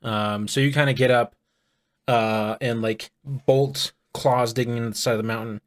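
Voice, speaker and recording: A man running a tabletop game as game master, narrating the scene in a relaxed way with frequent ums and uhs. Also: mid-range voice, moderate pace, no room sound, clean studio sound.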